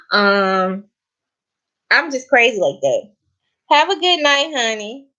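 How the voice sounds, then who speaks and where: A woman's voice: on the high side, lively intonation, takes it slowly, pushed and bright, lo-fi sound. A Southern woman chatting casually to her viewers, laughing often and calling them honey. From American South. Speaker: vlogger. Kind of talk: casual chat to camera.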